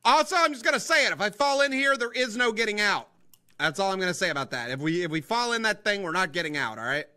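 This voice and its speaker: A young man giving rambling, excitable commentary while playing a game, talking to his viewers as guys and boys. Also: high-pitched, fast. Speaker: gaming video host. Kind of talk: casual let's-play commentary.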